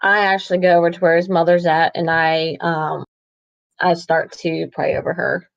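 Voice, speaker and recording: A woman's voice: on the low side, flat delivery, moderate pace, gravelly, no room sound. A woman playing a tabletop game, matter-of-fact. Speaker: player. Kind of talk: casual tabletop play. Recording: dull lo-fi mic, dry.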